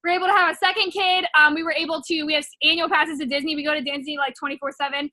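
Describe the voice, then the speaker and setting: A young woman with a high, bright voice tells her personal story. She rambles casually, full of filler words, recorded close and dry with no room sound. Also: steady tone, racing, no room sound. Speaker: network marketing distributor.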